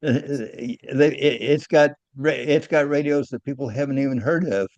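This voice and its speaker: An older man recounting his engineering days in a halting, repetitive way, with little chuckles along the way. The sound is a bit dull and very dry, as if recorded close up. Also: mid-range voice, darkish tone, no room sound. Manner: halting, repeats words, chuckles at own stories. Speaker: retired aircraft engineer guest. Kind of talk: casual interview talk.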